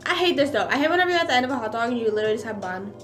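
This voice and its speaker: Talking around bites of food, this young streamer rambles through a laid-back mukbang full of fillers, animated and racing. For a woman, her voice runs a touch high, with gentle music faint beneath her.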